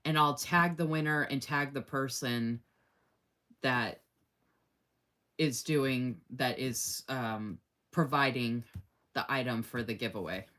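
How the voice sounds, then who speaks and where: A woman's voice: very deep voice, slow pace, long pauses, a bit bright. A woman hosting a casual live stream, chatty and effusive, laughing often and reading viewer comments aloud. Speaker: live-stream host running a giveaway.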